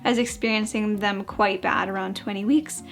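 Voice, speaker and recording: A woman's voice: mid-range voice, fairly even intonation, normal speed. A young woman vlogger talking candidly about her pregnancy, a little out of breath, chatty and open with small fillers and laughs. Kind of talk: casual pregnancy update vlog.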